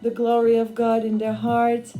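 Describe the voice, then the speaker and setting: Chatty Swiss woman in her forties, high-voiced. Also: monotone, moderate pace, mellow. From Switzerland. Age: 40s. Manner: rambling, chatty, with frequent fillers and restarts. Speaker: artist and vlogger. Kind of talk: casual storytelling while painting. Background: background music.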